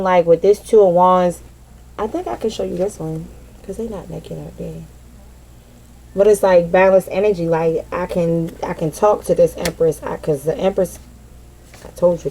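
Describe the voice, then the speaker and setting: A woman with a low, mellow voice giving a casual tarot reading straight to her viewers. She talks bluntly and swears freely. Her talk is full of "like" and "you feel what I'm saying?". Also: slight background noise, rough recording. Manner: blunt and profane, heavy on "like" fillers. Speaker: tarot reader.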